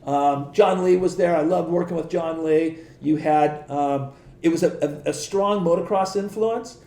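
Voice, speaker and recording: A middle-aged man with a gravelly, fairly high voice spins rambling stories as a podcast guest. He acts out what people said, trips over restarts and swears freely. The sound is dark and mellow, caught in an echoey room. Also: a little slow. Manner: rambling anecdotes, acts out quoted dialogue, frequent restarts, swears. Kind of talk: casual interview storytelling.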